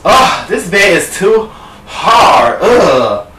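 A woman's voice: deep voice, big pitch swings, background noise. A man voicing a sassy, greedy young woman who drawls and savors each word. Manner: slow drawl, savoring "mm", profane. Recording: echoey room, distant mic.

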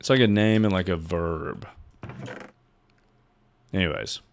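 Slow-talking male streamer, low voice. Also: slight background noise. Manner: rambling, joking, swearing, chatting to viewers. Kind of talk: casual livestream chat.

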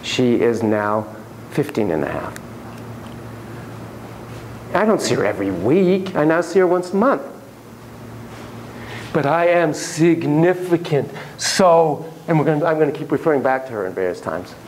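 Male lecturer, high-pitched and highly animated, emphatic with playful asides. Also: measured pace, pauses often, slight background noise. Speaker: child psychotherapist teaching students. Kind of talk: classroom lecture.

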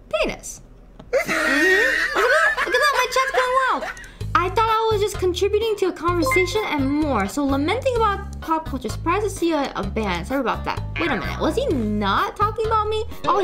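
A woman streamer reacting live and reading chat messages aloud, playful and teasing, with sudden shrieks and mock outrage. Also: very high voice.

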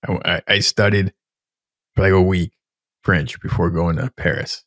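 A man's voice: low voice, normal speed, no echo. Laid-back rambling man, dry close sound. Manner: rambling, animated, swears casually. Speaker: podcast co-host. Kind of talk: casual chat.

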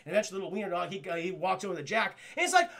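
High, gravelly man reviewing a cartoon. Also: rapid-fire, a bit bright. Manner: profane, rambling, talks to chat; acts out scenes in voices. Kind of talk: casual live-stream review.

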